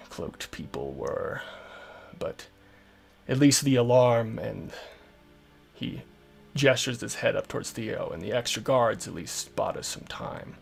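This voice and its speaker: A man voicing a pale, tired, broody male tiefling rogue who talks low and subdued. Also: expressive, slow pace, creaky, long pauses, faint music behind, exaggerated voice. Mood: grim.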